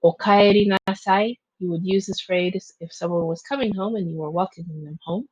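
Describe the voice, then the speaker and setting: A woman teacher giving a slow, clear recorded vocabulary review, pausing between each word and its translation. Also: on the low side, steady tone, darkish tone, no echo. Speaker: Japanese teacher. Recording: dull, muffled lo-fi sound.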